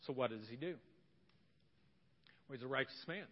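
A man preaching a sermon as pastor, humorous and animated, acting out voices of the people in his story. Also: medium pitch, normal speed. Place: church hall. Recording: muffled church hall recording with long reverb.

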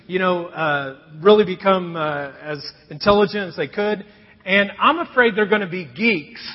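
Man, self-mocking storyteller, chatty asides, high voice, dull muffled recording. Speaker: speaker addressing a congregation. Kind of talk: humorous storytelling talk to a live audience. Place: large hall with an audience. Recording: long hall reverb, dull sound.

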